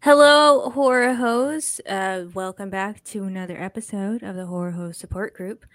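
A woman's voice: mid-range voice, brisk, dry recording. A woman co-hosting a podcast, chatting candidly and laughing as she tells stories. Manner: candid, laughs often, animated storytelling. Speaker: podcast co-host. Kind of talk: casual chat.

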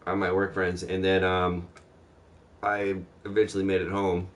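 A man's voice: low voice, monotone, normal speed. A man telling a long story in a casual chat, rambling and swearing, acting out the other people's lines as he goes. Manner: rambling, profane, acts out quoted voices.

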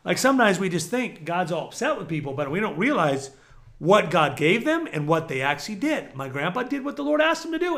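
Animated, raspy-voiced high male preacher. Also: a little fast. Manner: animated, swings from shouts to low murmurs. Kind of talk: sermon.

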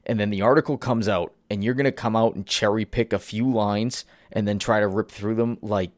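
A man's voice: lowish voice, fairly even intonation, fairly quick, hardly any pauses, dry recording, studio quality. A man hosting a solo commentary podcast, ranting in an exasperated way. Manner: ranting, exasperated, swears at target. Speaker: podcast host.

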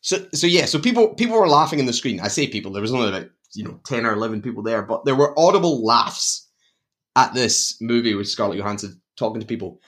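A man with a Glaswegian accent talking films in a relaxed podcast chat. He gets animated, breaks off and restarts his sentences, and laughs often. His voice sits at an ordinary pitch for a man. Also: fast. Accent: Glaswegian Scottish. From Glasgow, Scotland. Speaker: podcast co-host discussing films. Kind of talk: casual chat.

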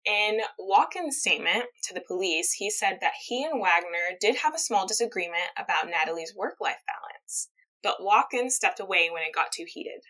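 Woman podcast host, bright tone, chatty true-crime storyteller. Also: medium pitch, lively intonation, moderate pace, rough recording. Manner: chatty, reads quotes aloud, laughs easily. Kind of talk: casual storytelling chat.

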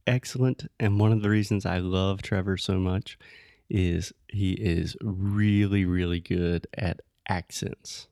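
A low, gravelly man talks in a relaxed, easy way on a podcast for English learners. He explains expressions patiently and offers gentle corrections. The sound is dry and close, with no room around it. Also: measured pace, no echo. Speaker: podcast co-host. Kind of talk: casual chat teaching English.

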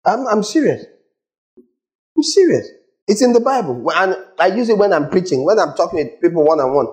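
A man's voice: high voice, expressive, quick pace, darkish tone, low-quality recording. A man preaching a sermon, emphatic and scolding, questioning his congregation directly and repeating his points. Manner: emphatic, repetitive, asks the audience questions.

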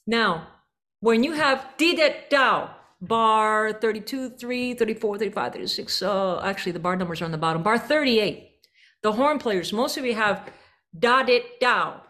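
A woman coaching a school band through a rehearsal, energetic and singing out rhythms to demonstrate. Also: mid-range voice. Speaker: band clinician. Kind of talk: rehearsal coaching with sung examples.

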